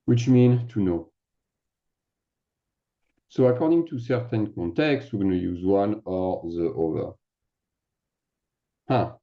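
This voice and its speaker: A man's voice: fairly low pitch, animated, takes it slowly, pauses often, lo-fi sound. A man with a French accent, a native French speaker, explaining grammar as a teacher in a casual classroom way, often checking in with "d'accord?". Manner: sprinkles French fillers, asks "d'accord?" often.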